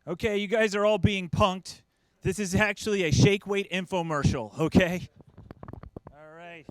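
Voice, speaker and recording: A man's voice: high-pitched, fairly even intonation, a little slow, slight background noise. A man in his thirties doing a stand-up comedy set, self-deprecating and acting out the people in his stories. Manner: self-deprecating, acts out quoted voices.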